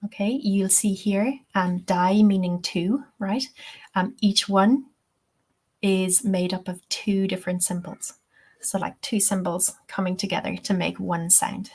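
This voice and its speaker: An Irish woman leads a webinar lesson at a very unhurried pace, laying out each point patiently. She keeps checking in with her listeners as she goes. Her voice sits at an ordinary, middle pitch. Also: fairly even intonation, darkish tone. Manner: patient, explains step by step, checks in with "okay?". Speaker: TEFL teacher.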